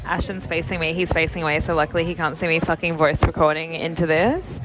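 A woman co-hosting a podcast, talking in a gossipy, animated way with quick asides. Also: deep voice, heavy background noise. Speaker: podcast co-host. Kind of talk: casual chat.

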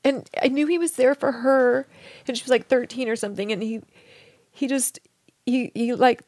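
A middle-aged woman with a slightly high voice tells a deeply personal story. She speaks softly and haltingly, restarting often and slipping into whispers. The sound is dry and close. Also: no room sound. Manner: soft, halting, with many restarts and whispered moments. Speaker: guest.

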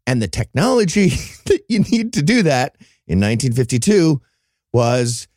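A man co-hosting a comedy podcast, animated and laughing as he talks. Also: mid-range voice, normal speed, no echo, clean studio sound. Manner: animated, laughs while talking. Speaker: podcast co-host. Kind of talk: casual comedy podcast chat.

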